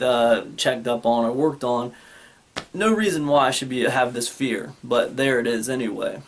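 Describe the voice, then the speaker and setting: A man hosting his own channel, telling a personal story in a casual, rambling way, full of fillers like "man" and "you guys". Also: mid-range voice. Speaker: channel host.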